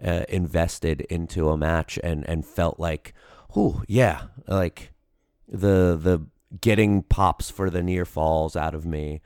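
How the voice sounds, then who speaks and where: A man's voice: sits low, vocal fry, a little mellow, dry recording, studio quality. A man co-hosting a podcast in casual chat, rambling with lots of fillers and restarts. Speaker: podcast co-host.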